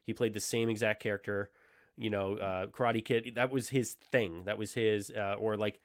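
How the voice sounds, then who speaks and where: A man's voice: lowish voice, steady tone, normal speed. A man co-hosting a podcast, chatting casually about films in a loose, rambling way full of restarts and fillers. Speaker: podcast co-host. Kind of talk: casual film chat.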